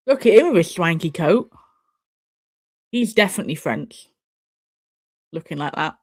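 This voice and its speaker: A woman's voice: lowish voice, expressive, moderate pace, darkish tone, husky. A young woman casually chatting and swearing while she watches an awards show live for her stream viewers. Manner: chatty, swears, laughs and banters at the screen. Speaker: streamer hosting a watch party.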